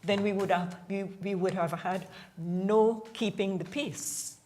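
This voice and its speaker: A woman's voice: medium pitch, fairly even intonation, measured pace, a little mellow. A woman guest on a talk show, explaining a point emphatically and often repeating herself.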